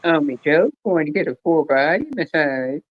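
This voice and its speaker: A man's voice: fairly high pitch, moderate pace, dull audio. Rambling, joking man on a live chat. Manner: rambling, joking storyteller with many fillers. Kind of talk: casual live-stream chat.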